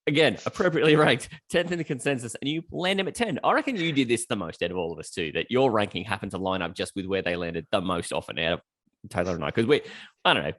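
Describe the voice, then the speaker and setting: A low-pitched Australian man hosting a casual podcast, steering the segments with playful ribbing. The recording is close and dry. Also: expressive, fast talker, fairly bright tone, no room sound. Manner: playful, teasing, steers the talk. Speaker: podcast host.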